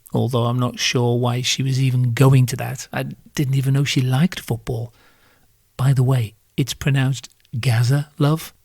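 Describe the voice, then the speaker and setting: A British man delivers a solo podcast rant, sardonic and crude, swearing freely. His voice sits at an ordinary middle pitch. It is recorded close and dry with no room sound. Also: a little mellow, no room sound. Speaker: podcast host.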